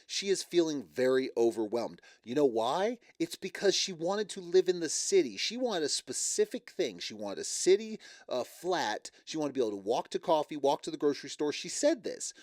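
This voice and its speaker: A man giving casual, opinionated reaction commentary on a reality show, sarcastic and quick to laugh. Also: on the high side, very animated, a little mellow, dry recording, clean studio sound. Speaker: reality TV recap host.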